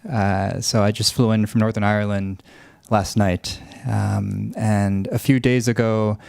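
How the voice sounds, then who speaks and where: A man speaking as a panelist, reflective and halting, with many fillers as he gathers his thoughts. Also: lowish voice, flat delivery, gravelly, a little mellow, smooth, no room sound. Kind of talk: panel discussion remarks.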